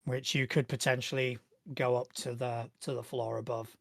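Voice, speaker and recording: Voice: medium pitch, level tone, moderate pace, creaky, no echo, studio quality. A game master narrating a tabletop game in a loose, descriptive way, with many fillers and restarts.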